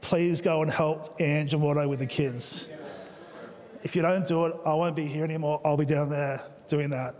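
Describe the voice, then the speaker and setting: Man, pastor preaching, jokey asides, slightly high voice, long reverb hall. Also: steady tone, normal speed, darkish tone. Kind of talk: sermon. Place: church auditorium.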